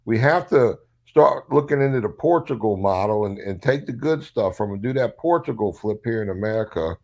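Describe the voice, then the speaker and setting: Gravelly older Southern man, blunt, salty, fired-up advocate. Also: mid-range voice, animated, fairly quick, hardly any pauses, darkish tone. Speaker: recovery advocate guest. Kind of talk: casual livestream chat.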